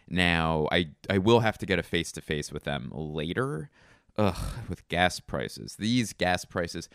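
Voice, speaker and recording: A man hosting a comedy podcast, rambling through deadpan absurd asides. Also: deep voice, vocal fry, no echo, studio quality. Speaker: podcast host.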